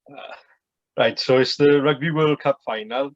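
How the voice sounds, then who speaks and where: Bloke guesting on a pod, rambly, dry close sound a bit dull. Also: male voice, medium pitch, normal speed, dry recording. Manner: rambling, lots of "like". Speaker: podcast guest. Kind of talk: casual podcast chat.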